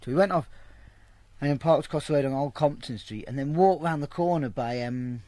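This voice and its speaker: This man has a fairly high, dark-toned voice, captured in a dry recording, and speaks fairly quickly. He's in a casual interview, rambling through a heavily profane story and performing the voices of its characters.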